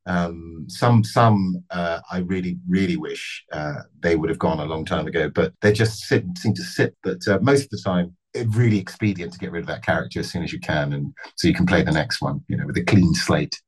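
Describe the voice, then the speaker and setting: A middle-aged man, an actor, answering interview questions thoughtfully, with measured phrasing and frequent restarts. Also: deep voice, slightly rough, poor audio.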